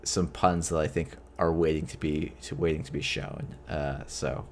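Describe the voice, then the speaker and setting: A man's voice: extremely low pitch, fairly even intonation, moderate pace, vocal fry, darkish tone, a little hiss or hum. A man hosting a casual livestream chat, rambling and jokey, often restarting his sentences. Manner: rambling, self-correcting, jokey. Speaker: host.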